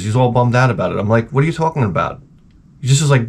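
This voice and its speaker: Male video host, comic ranter who swears freely, animated pitch, talking in a garage workshop. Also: rapid-fire, husky. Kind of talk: comedic rant.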